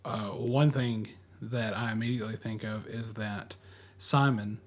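A man's voice: lowish voice, steady tone, a little slow. Man, co-host, casual discussion, thoughtful, hesitant, uh fillers. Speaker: podcast co-host.

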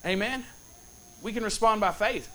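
High, bright-voiced man preaching. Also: moderate pace. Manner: storytelling with call-and-response asides; casual, folksy phrasing. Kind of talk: sermon.

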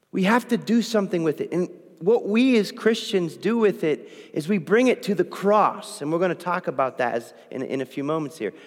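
Male preacher, sermon to a congregation; high, swooping delivery that acts out quoted prayers. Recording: long reverb in a hall.

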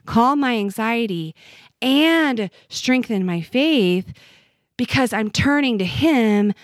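A woman's voice: on the high side, lively intonation, slow pace, dry recording, studio quality. A woman speaking as a podcast guest, earnest and reflective as she talks about her faith. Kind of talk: conversational interview.

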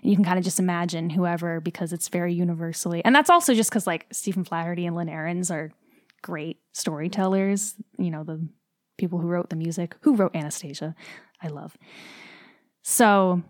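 A woman's voice: fairly low pitch, steady tone, fairly quick, no echo. A young woman who acts on stage talks through an interview in a loose, chatty way, filling her sentences with "like." She is heard up close with a dry sound and no room around her. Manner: chatty, heavy use of "like", emotional. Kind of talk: casual interview chat.

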